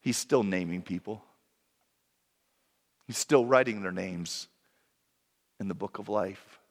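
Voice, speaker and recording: A man's voice: low voice, takes it slowly, creaky, long reverb tail. A man preaching a sermon in an earnest, reflective way, sometimes correcting himself mid-sentence.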